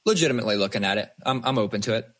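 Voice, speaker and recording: A man, a father and podcast co-host, chatting casually and telling animated stories with plenty of swearing. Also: on the low side, very fast. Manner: swears freely, animated storyteller. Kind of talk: casual chat.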